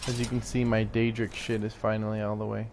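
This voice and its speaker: A man's voice: fairly low pitch, completely flat delivery, fast, background noise. A man giving rambling, casual commentary while playing a video game, laughing often and swearing now and then. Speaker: gaming YouTuber.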